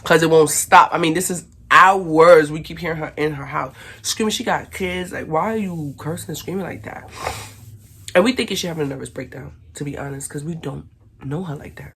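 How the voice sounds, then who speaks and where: A woman from Brooklyn, telling a casual storytime to her viewers and acting out the shouting in it. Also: low-pitched, a little fast, slightly rough. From Brooklyn, New York. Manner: animated, acts out shouted quotes. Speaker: vlogger.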